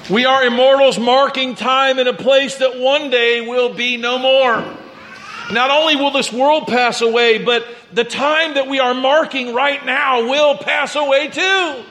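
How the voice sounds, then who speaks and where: A man in his forties preaches with a high, bright voice, talking to his congregation like a friend and asking them to say phrases back. The sound is roomy, with a faint hum of ambience behind him. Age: 40s. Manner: conversational preaching with call-and-response prompts. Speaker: pastor. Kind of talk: sermon.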